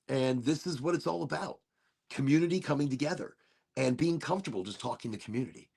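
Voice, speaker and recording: A man's voice: medium pitch, lively intonation, fast, creaky, slightly rough. A man hosting a casual livestream chat, rambling loosely with giggly, self-interrupting asides. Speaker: livestream show host.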